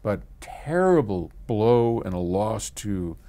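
An older man with a fairly low voice talks casually through a viewer's question. He reads the letter aloud and then answers it in a relaxed way, with soft laughs. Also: slow pace.

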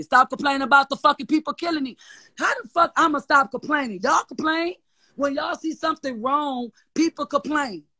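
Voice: mid-range voice, pushed and bright, no echo. A guest with a New Orleans accent ranting on a live stream, profane, defiant and mocking, repeating insults. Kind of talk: heated live-stream rant.

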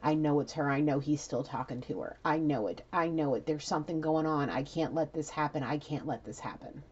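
A woman's voice: a little fast, darkish tone, breathy edge, dull audio. A woman doing a seething jealous woman. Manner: low, brooding, repetitive muttering.

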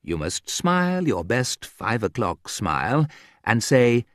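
A man's voice: medium pitch, very animated, slow, no room sound. A man reading a humorous essay aloud with a dry, ironic delivery. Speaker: narrator.

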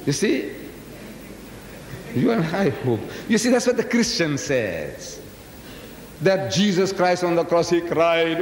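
Speaking at normal speed and very animated, a septuagenarian lecturer tells a story to a large lecture hall, punctuating it with emphatic rhetorical questions. The recording echoes through the hall with a faint rumble beneath.

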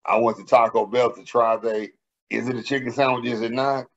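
Profane, animated man telling stories. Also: mid-range voice, brisk, highs cut off. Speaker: podcast co-host. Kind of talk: casual podcast banter.

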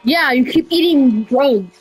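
A woman doing casual game role-play over voice chat, rambling with restarts and breaking into sudden high shouts. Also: animated, slow pace, faint music behind, low-quality recording. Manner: rambling, with many restarts and y'all. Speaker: roleplayer running a candy store character.

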